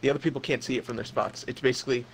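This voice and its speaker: A young man running a comedic role-play game as game master, narrating in a deadpan, crude way. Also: medium pitch, very fast, creaky, slight background noise.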